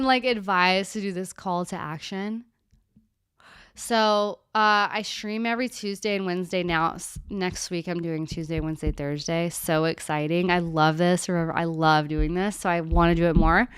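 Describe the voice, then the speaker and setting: A young woman and therapist chatting candidly on her live Q&A stream, with animated asides. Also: on the low side, clean tone, dry recording, clean studio sound.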